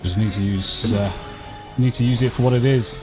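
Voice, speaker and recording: A man talking over voice chat during a game stream. He makes his points emphatically, repeats them for weight and swears freely. Game music plays clearly behind him. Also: on the low side, fairly even intonation, moderate pace. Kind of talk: casual voice chat while gaming.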